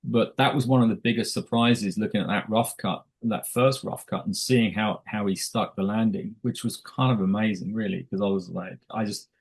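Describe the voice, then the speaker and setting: A man's voice: fairly low pitch, steady tone, normal speed, creaky, hardly any pauses, slightly rough, rough recording. A middle-aged man, a film director telling stories casually in an interview, with many restarts and quoted asides.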